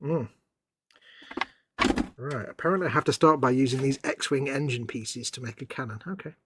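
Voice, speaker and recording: A man's voice: medium pitch, moderate pace, noisy background. Teasing man on a stream. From England. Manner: teasing, playful banter, reads out viewer comments. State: sniffly. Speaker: co-host of a live model-building stream. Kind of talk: casual chat while building a model kit.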